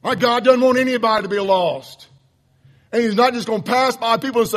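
A man's voice: sits high, a little fast, fairly bright tone. A male preacher, teaching a sermon lesson bluntly and with passion, often calling his listeners folks.

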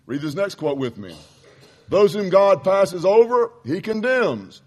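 Impassioned high-voiced preacher. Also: male voice, sing-song, unhurried. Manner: impassioned, blunt, addresses listeners as folks. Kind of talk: sermon lesson.

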